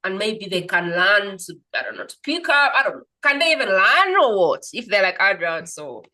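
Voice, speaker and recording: A woman hosts a podcast in a loose, conversational way, with a bright, forceful tone. She rambles and restarts mid-thought, then slips into little acted-out quotes. Her pitch sits in the middle of the range. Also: fairly quick, low-quality recording. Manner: animated storyteller, acts out quoted voices. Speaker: podcast host. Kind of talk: casual conversational interview.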